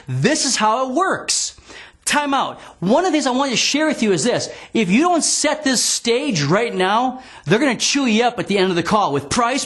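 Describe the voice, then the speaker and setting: A man giving a training lecture on phone sales, emphatic and repeating key points, acting out sample calls. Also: sits high. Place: green screen studio.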